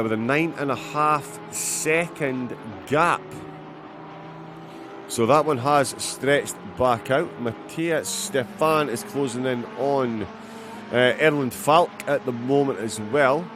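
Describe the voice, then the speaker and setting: A man with a Scottish accent giving live commentary on a sim race, with many fillers and bursts of excitement at incidents. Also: mid-range voice, slow, over music.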